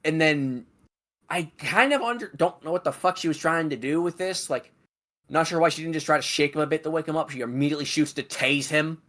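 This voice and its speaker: A man's voice: a little high, fairly quick, fairly bright tone. A man co-hosting a stream, giving strong opinions and swearing freely while talking about a video game. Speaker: stream moderator and co-host.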